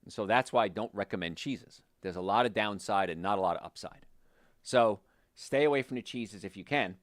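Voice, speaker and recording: Talking a little fast in a clean studio recording without echo, a doctor and health show host shares patient stories. His casual style is animated, and he lowers his voice to quote patients.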